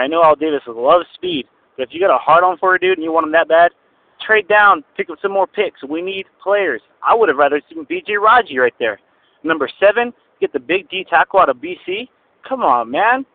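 A man's voice: a little high, expressive, brisk, no echo. A man from California's Central Valley calling a sports show with a frustrated, blunt fan rant. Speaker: caller. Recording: tinny phone line.

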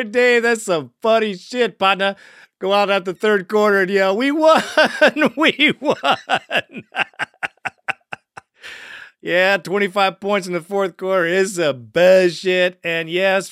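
A man's voice: high-pitched, a bit bright, smooth, no room sound, studio quality. A man hosting a fan call-in sports show, hyped and profane, calling callers partner. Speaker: podcast host.

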